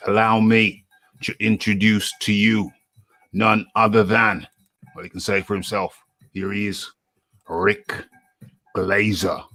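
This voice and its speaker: A man opens a live boxing talk show, joking with his audience and bringing on a guest. His voice is low and he speaks slowly, with little rise and fall. The sound is dry and close. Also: fairly bright tone, no room sound. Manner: jokey, chatty, addresses the audience.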